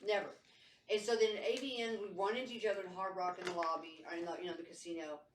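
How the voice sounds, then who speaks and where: A woman guest casually telling a story, animated, swearing freely and acting out what people said. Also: fairly low pitch, fast talker, recorded from a distance, a little hiss or hum. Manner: animated, acts out quotes in exaggerated voices, swears freely. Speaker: podcast guest. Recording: roomy sound, voice set back from the mic.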